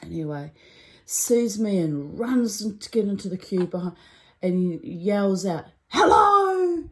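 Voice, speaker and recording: A woman's voice: on the low side, a little slow, mellow, low-quality recording. A middle-aged woman telling a story in a rambling, chatty way, full of asides. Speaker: vlogger. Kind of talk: casual storytelling monologue.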